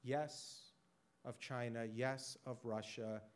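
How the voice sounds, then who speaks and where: A man voicing the apostle Paul in a sermon, speaking softly and earnestly. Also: steady tone, slow pace, lightly acted. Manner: soft, low and earnest.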